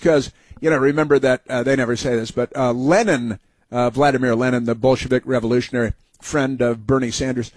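Male talk host, mid-pitched, close dry studio mic, rambling and sarcastic. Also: steady tone, a little fast, dry recording. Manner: rambling, sarcastic, many fillers and restarts. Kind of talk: opinionated talk show monologue.

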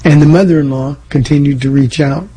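A man co-hosting a casual faith chat, speaking in a measured, reflective way. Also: fairly high pitch, fairly even intonation, mellow, slightly rough, poor audio. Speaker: co-host.

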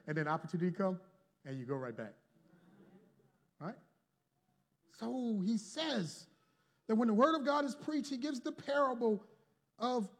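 A man preaching a sermon to a congregation, calling for responses and swinging from loud to hushed. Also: high-pitched. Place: church before a congregation.

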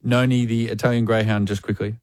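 A woman's voice: extremely low pitch, little pitch movement, brisk, a little mellow, no room sound, studio quality. An Australian woman hosting a radio show, chatty and laughing often. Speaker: radio host. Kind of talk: casual radio chat.

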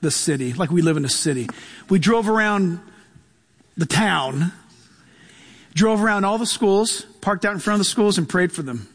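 Man, high voice, pastor preaching, laughing, storytelling sermon. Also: expressive, moderate pace, long pauses. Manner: storytelling with humor, laughing often.

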